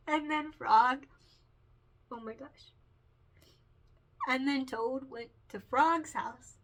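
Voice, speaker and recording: A chatty woman vlogger who giggles often and gets emotional easily. Her voice is very bright and set a little high. She talks in a loose, casual way. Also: extremely slow, long pauses. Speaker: picture book author. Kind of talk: casual vlog chat.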